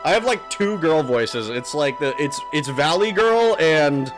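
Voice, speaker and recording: A man's voice: a little high, expressive, unhurried, over music. A man streaming a video game who talks casually, swears often and laughs a lot. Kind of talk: let's play commentary.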